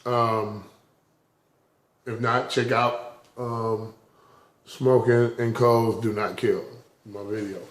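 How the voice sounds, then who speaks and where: A man's voice: medium pitch, level tone, slow pace, long pauses. Man, casual rambling talk, frequent chuckles, roomy echo. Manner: rambling, chuckles often between phrases. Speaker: vlogger. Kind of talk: casual spiritual talk to camera.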